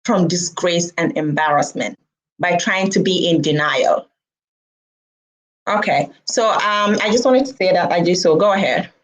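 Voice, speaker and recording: A woman hosting a casual conversation, speaking in a measured, reflective way. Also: lowish voice, rough recording. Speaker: host.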